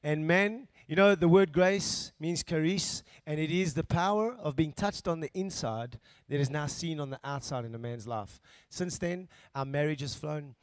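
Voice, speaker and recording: A man telling his church testimony at a quick clip, his voice a touch high. The sound is dry and close, with little room around it. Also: dry recording. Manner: fast, heartfelt testimony rising to a loud cheer. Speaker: pastor introducing a guest.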